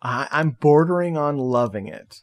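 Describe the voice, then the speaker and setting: A man's voice: a little high, animated, normal speed. A man co-hosting a casual podcast film review. He talks loosely, swears casually and laughs a lot. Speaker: podcast co-host.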